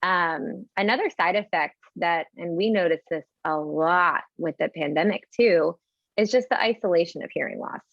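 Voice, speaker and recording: A woman speaking as an audiologist guest in an interview, explaining in a measured way with examples. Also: lowish voice, vocal fry, dry recording, highs cut off.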